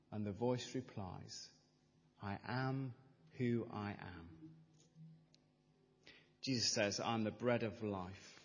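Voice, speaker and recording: A middle-aged man preaching a sermon as pastor, measured and emphatic, building with repeated phrases. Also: mid-range voice, darkish tone. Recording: reverberant church hall.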